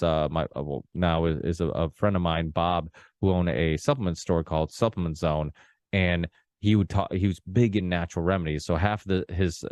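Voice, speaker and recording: A man born in Portugal, hosting a podcast and telling a personal story in an animated, casual way, with many restarts and some swearing. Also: sits low, no room sound, clean studio sound. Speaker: podcast host. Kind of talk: casual conversation.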